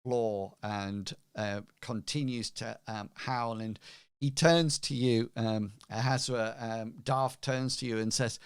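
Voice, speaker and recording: A man narrating as game master of a tabletop game, halting with many ums. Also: mid-range voice, fairly even intonation, smooth, no echo, clean studio sound.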